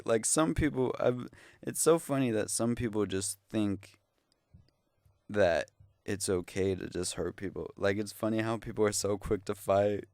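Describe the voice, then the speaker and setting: Low-voiced young man ranting sarcastically. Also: moderate pace, darkish tone, no room sound, clean studio sound. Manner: exasperated, profane, sarcastic. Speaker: vlogger. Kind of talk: casual ranting monologue.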